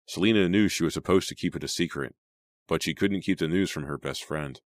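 Man, very deep voice, suspenseful audiobook narration, dry close mic. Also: fairly quick, no room sound. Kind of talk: scripted horror narration.

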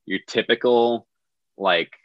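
A man's voice: mid-range voice, takes it slowly, no echo, highs cut off. A man telling a funny story as a podcast guest in a laid-back, self-deprecating way. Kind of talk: casual storytelling.

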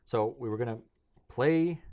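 A man's voice: mid-range voice, a little slow, mellow. A man co-hosting a podcast, telling a strange story in casual chat and laughing often. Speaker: podcast co-host.

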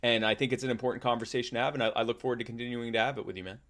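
A man's voice: mid-range voice, steady tone, racing, a bit bright. A middle-aged man from the United States hosting a podcast in casual chat, talking with many fillers and restarts. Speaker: podcast host.

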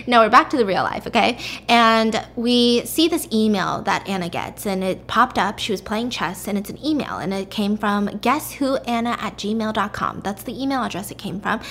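A woman with a fairly high voice tells a story in a loose, chatty podcast style. She keeps dropping in fillers like "like" and "freaking", and a faint low rumble sits under her voice. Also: a bit bright. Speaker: podcast host. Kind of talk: casual story recap.

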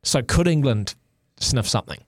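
Kiwi co-host bantering on sports radio, animated, dry close mic. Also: male voice, medium pitch, normal speed, no room sound. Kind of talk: casual sports talk radio chat. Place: radio studio.

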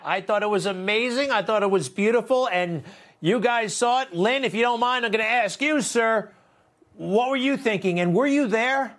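A man's voice: sits high, moderate pace, a bit bright. A man hosting a TV interview, talking in an impassioned, indignant way. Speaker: host.

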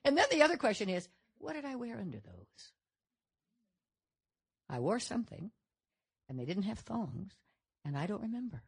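An older woman from Nevada, a guest answering audience questions on a stage, telling stories in a chatty, animated way. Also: medium pitch, moderate pace, creaky, long pauses, breathy edge. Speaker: panel guest actress. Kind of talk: audience Q&A chat.

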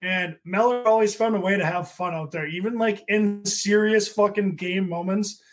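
A man's voice: high-pitched, steady tone, moderate pace. A young man co-hosting a casual podcast chat, telling stories in a laid-back way, full of "like" fillers and swearing. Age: young adult. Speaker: podcast co-host.

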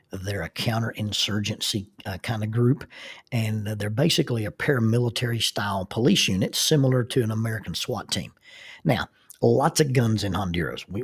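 A man's voice: on the low side, breathy edge, no echo, studio quality. A middle-aged man with a Southern accent, telling folksy, self-deprecating travel stories with laughter. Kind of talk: casual storytelling.

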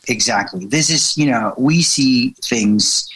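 A man appears as a guest on a podcast and explains his marketing approach. He speaks earnestly at a middle pitch, often restarting and repeating words. His talk is loose and full of fillers. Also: slow, fairly bright tone, poor audio. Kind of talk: casual interview chat.

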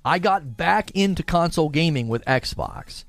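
Guy doing a gaming stream, super lively voice, kinda high, dry close sound, faint music behind. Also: a little slow, vocal fry, no room sound. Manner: animated, talks through examples and acts out imagined quotes. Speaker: gaming livestream host. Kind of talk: casual livestream commentary.

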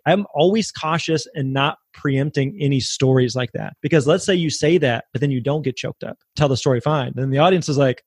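Man, panel guest, quick pace, dry close sound, lively casual chat. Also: a little high, breathy edge, dry recording. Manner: animated, acts out audience reactions.

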